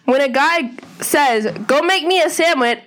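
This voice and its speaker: A woman in casual group chat, loud and laughing, teasing the others and quick to get defensive. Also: high-pitched. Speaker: podcast co-host.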